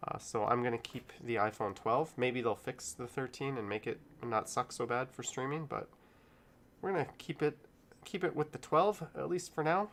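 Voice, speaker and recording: A man's voice: mid-range voice, normal speed, a bit bright. A middle-aged man hosting a casual live stream, rambling in an easygoing way and chuckling often. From Canada.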